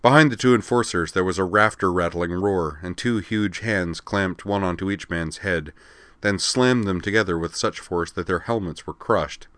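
Deep male narrator, steady reading, close dry sound. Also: moderate pace, no echo. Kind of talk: scripted narration.

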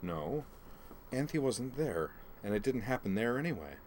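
A man narrating a story aloud at an even, unhurried pace. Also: medium pitch, a little hiss or hum. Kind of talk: audiobook narration.

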